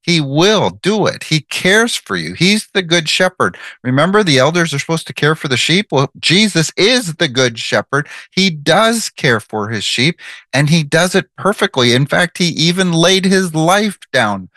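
A man's voice: on the high side, sing-song, a little slow, pushed and bright, no echo. A man giving devotional Bible teaching, earnest and emphatic, repeating his key phrases.

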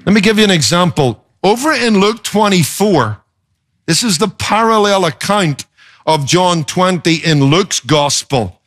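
A male pastor preaching a sermon in an expressive, emphatic way, often swinging his pitch for effect. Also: a little slow.

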